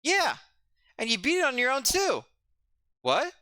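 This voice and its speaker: A streamer voicing an anxious young kid companion in a game, speaking in a high, strained, pleading way. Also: huge pitch swings, measured pace, bright, forceful tone, no room sound, clean studio sound, heavily acted. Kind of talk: voicing game dialogue in a let's play.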